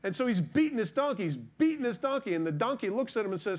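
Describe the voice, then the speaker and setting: Man preaching, higher voice, vivid storyteller, talks to his flock. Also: quick pace. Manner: storytelling, animated, addresses congregation. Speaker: pastor. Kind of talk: sermon.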